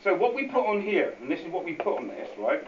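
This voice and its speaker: A man's voice: sits high, sing-song, fast. Rambling man speaking in an echoey hall. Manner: rambling and repetitive, with many asides. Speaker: guest speaker at a public meeting. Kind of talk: informal unscripted talk. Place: meeting hall with an audience. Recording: echoey, distant, dull hall recording with faint hiss.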